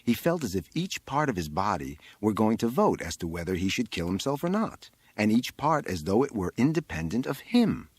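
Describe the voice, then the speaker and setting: Low, expressive male audiobook narrator. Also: moderate pace, few pauses, breathy edge, dry recording. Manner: expressive, dramatic phrasing. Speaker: audiobook reader.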